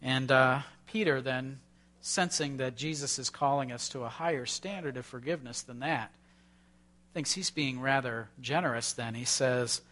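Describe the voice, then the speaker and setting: A man's voice: medium pitch, normal speed, pushed and bright. Male pastor, sermon, conversational delivery, rhetorical questions, mid-range voice. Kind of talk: sermon before communion.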